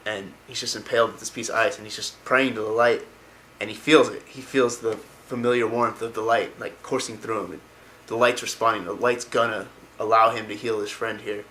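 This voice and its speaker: A man's voice: on the low side, fairly bright tone, slight background noise, poor audio. A man casually retelling a fantasy story, rambling with many fillers and restarts. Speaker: lore video narrator.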